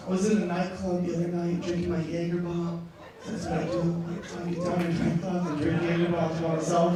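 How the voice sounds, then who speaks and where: A man with a high voice works a comedy club stage, rambling and repeating lines before shouting out his punchlines. He sounds distant from the mic, and the room rings with heavy echo. A lively audience murmurs and laughs clearly behind him. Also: brisk, a loud crowd. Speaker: stand-up comedian. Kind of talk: stand-up routine.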